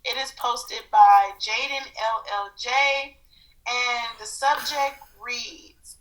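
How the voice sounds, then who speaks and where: Podcast cohost lady, bright kinda high voice, talks slow n thoughtful, roomy echo. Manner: halting, thoughtful advice-giving. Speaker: podcast co-host. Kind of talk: casual chat. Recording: echoey room.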